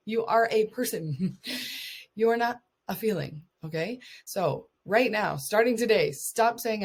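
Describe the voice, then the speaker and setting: Brief: woman life coach, low husky voice with some fry, encouraging and earnest, laughs a lot. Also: big pitch swings, a little slow. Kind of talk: casual coaching talk to mothers.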